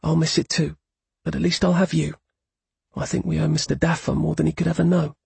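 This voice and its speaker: A man voicing an affectionate but fiery young woman in an audiobook, pleading and sharp when angered. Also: on the high side, little pitch movement, a little fast, creaky, breathy edge, no room sound, voice pushed up, full character voice. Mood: fond. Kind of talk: audiobook character voice.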